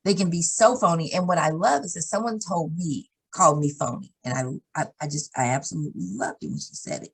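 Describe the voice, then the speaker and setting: A woman guest in casual conversation, telling candid stories in an animated way. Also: deep voice, a little fast, few pauses, husky, low-quality recording. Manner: animated, acts out others' lines in changed voices; candid, swears now and then.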